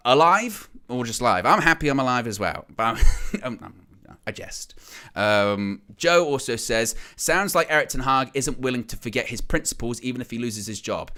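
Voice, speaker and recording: A man hosting a live fan stream, ranting with animated disbelief and firing off rhetorical questions. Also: mid-range voice. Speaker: host of a fan channel. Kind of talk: live-stream opinion commentary.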